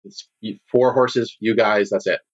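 A man acting as game master in a casual tabletop role-playing session, relaxed and chatty with laughter. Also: fairly low pitch, measured pace, dull audio. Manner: relaxed, laughing, lots of fillers.

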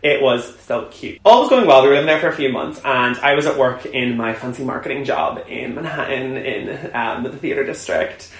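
A man co-hosting a podcast, telling a story at a table with two co-hosts in an animated, laughing way. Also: mid-range voice, normal speed, hardly any pauses. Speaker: podcast co-host. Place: room shared with two co-hosts around a table. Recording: echoey room.

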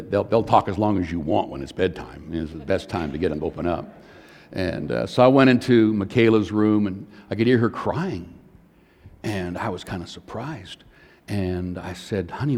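A man's voice: deep voice, darkish tone. An older man preaching a sermon, a conversational pastor who tells personal family stories to make his points. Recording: long hall reverb.

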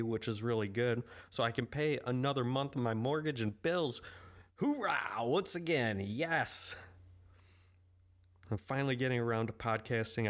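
A man hosting a solo podcast who talks in a candid, rambling, self-deprecating way. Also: mid-range voice. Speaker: podcast host. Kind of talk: casual solo podcast monologue.

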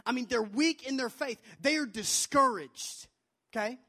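A man's voice: unhurried, sharp tone. Young male youth pastor, emphatic preaching, repeats lines for weight. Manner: emphatic, repeats phrases, acts out quotes in a high childlike voice. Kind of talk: sermon to students.

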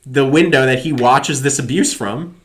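A man's voice: medium pitch, moderate pace. A married man co-hosting a podcast, ranting about a film in exasperated, profane casual chat. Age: adult, married. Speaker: podcast co-host.

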